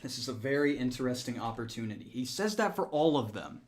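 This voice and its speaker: A man's voice: mid-range voice, big pitch swings, fast. A man streaming a strategy game, joking with chat, laughing often and counting numbers aloud. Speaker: gaming streamer. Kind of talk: casual live-stream chat.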